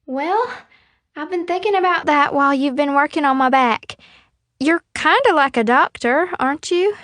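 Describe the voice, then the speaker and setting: A woman voicing a chatty, cheerful young woman who is badly hurt, pitched high and bubbly. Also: lively intonation, normal speed, a bit bright, no room sound, studio quality.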